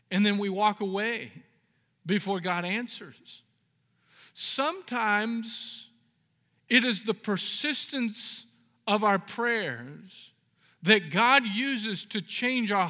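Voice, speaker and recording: A man's voice: sits high, pushed and bright. A man preaching a sermon as pastor, moving between earnest, emphatic exhortation and folksy storytelling with jokes. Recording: reverberant hall.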